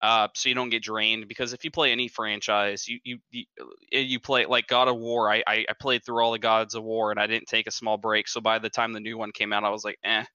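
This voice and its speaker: Bright, crisp-voiced man on a podcast. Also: lowish voice, flat delivery, fairly quick, no room sound. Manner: restarts, repeats words. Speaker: podcast guest. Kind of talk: casual chat. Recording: dry, slightly dull lo-fi sound.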